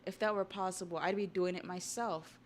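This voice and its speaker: A woman's voice: lowish voice, fairly even intonation, a little fast, a little hiss or hum, close to an everyday voice. A woman reading out the lines of a scheming, cruel male villain from a manga, sneering and mocking. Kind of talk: reading manga aloud on stream.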